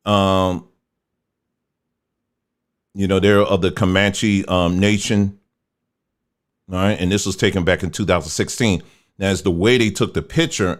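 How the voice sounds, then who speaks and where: Commenting casually on images displayed on screen, this host speaks in a deep, folksy male voice. His tone is conversational, and he imitates other people in mocking quoted voices.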